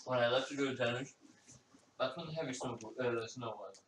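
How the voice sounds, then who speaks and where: A man's voice: medium pitch, fairly quick, a bit bright. A young man chatting casually and ramblingly in slang as a friend in the room. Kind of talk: casual chat. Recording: distant, echoey room mic with faint hiss.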